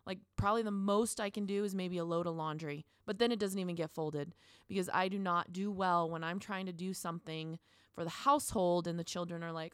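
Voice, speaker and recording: A woman's voice: on the low side, fairly even intonation, brisk, clean tone, no echo, clean studio sound. Earnest, encouraging woman podcaster. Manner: earnest, encouraging, talks in long runs. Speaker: podcast co-host. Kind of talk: casual podcast chat.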